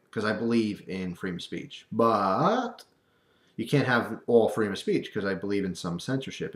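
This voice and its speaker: A man talking casually to camera in a rant, animated and wry, acting out quoted voices. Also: fairly low pitch. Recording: echoey room.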